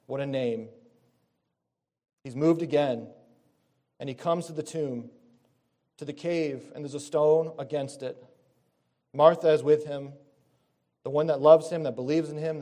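Earnest male preacher with a mellow voice. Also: mid-range voice. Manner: earnest, reads scripture aloud and rephrases himself mid-sentence. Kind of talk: sermon.

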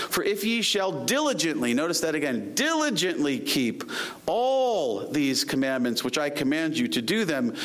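A man preaching a sermon, his voice sitting a little high. He reads scripture aloud at a slow, deliberate pace and presses his points with earnest, rising emphasis. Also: fairly bright tone. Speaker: pastor.

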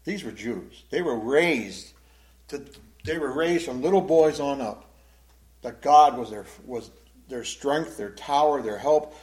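A man's voice: medium pitch, unhurried, a little mellow. A man preaching a Bible-teaching sermon in a conversational way, often asking the congregation questions and repeating words as he goes. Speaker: pastor.

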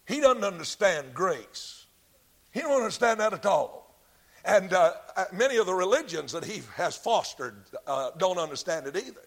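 Male Baptist preacher, high voice, emphatic, repeats key lines. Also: animated. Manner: emphatic, repeats key phrases, drawn-out stresses. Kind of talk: sermon.

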